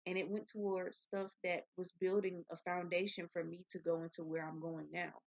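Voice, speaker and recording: A woman's voice: on the low side, normal speed. Blunt, profane young woman venting. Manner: blunt, profane, animated storytelling. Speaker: vlogger. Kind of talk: casual rambling monologue. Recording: dull lo-fi sound.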